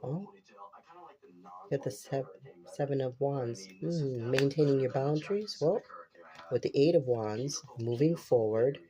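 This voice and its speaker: A man's voice: mid-range voice, unhurried, pauses often, warm tone. A man with a congested, stuffy nose giving a casual tarot reading, repeating himself and exclaiming with casual swearing. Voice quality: unusual voice. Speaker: tarot reader.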